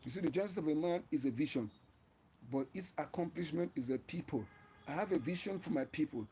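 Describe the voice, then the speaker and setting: A man's voice: on the high side, quick pace, warm tone, a little hiss or hum. A man hosting his own channel, giving an impassioned, preachy live-stream talk and often repeating and restarting his phrases. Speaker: channel host.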